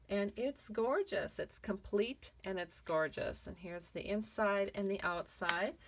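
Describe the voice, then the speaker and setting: A woman's voice: medium pitch, fairly bright tone, a little hiss or hum. A woman demonstrating a card-making technique in a tutorial, chatty and encouraging as she works through each step. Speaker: craft demonstrator.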